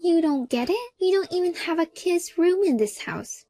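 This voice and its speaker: A woman's voice: animated, normal speed, warm tone, no room sound, faint music behind. A woman voicing a pushy, scheming young sister-in-law with a smug, demanding manner in a narrated story drama. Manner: smug and demanding, turning shrill.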